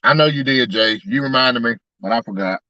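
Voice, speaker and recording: A man's voice: medium pitch, a little fast, bright, forceful tone, no echo, muffled recording. A man, casually chatting to his live-stream audience, laughing often and talking straight to the chat. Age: 30s. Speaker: truck tire shop owner and YouTuber.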